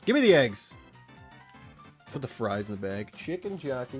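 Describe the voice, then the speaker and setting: A man's voice: medium pitch, big pitch swings, normal speed, pauses often, faint music behind. A man in his late twenties streaming a game, rambling in casual, profane commentary and chatting with his viewers and the game's animals. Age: late 20s.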